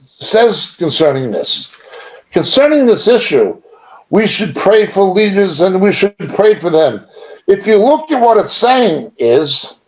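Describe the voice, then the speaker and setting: A middle-aged male Bible teacher delivers a conversational sermon with firm emphasis and a light chuckle here and there. His voice sits fairly high, and he talks at a slow, deliberate pace.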